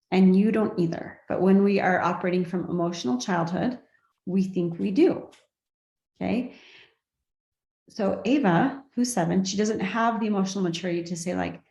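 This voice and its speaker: A woman coaching a class in an easy, conversational way, often pausing to check that her listeners are following. Her voice sits at a middle pitch. The room around her is noticeably echoey. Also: darkish tone. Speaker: life coach.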